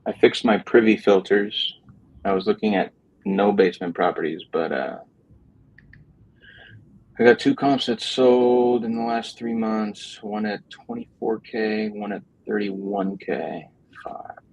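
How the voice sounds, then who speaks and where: A man's voice: lowish voice, unhurried, darkish tone, a little hiss or hum, rough recording. A man chatting casually on a livestream while calling property sellers, loose and joking, swearing now and then. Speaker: real estate wholesaler calling sellers on a livestream.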